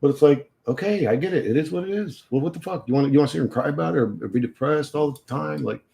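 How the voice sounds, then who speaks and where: On his livestream, a man talks casually and emotionally, swearing and often laughing mid-sentence in an animated way. His voice is fairly high-pitched and creaky, and he speaks fast.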